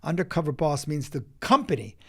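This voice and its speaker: A man, an acting coach, speaking as a podcast guest and telling stories in an emphatic, animated way, with quick bursts and restarts. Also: fairly high pitch. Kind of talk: animated interview storytelling.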